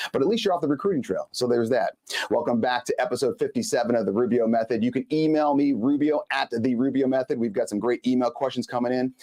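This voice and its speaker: Guy in his 40s hosting a live show, chatty and emphatic, mid pitch, talks right at the viewers. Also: a little mellow. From Los Angeles. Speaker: host.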